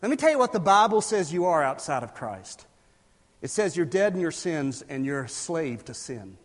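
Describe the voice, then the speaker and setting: Guy preaching, pretty high voice, gets loud and punchy, big echoey hall. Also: moderate pace. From South Carolina, US. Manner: animated, rising to loud emphatic bursts. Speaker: pastor. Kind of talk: sermon. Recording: reverberant hall.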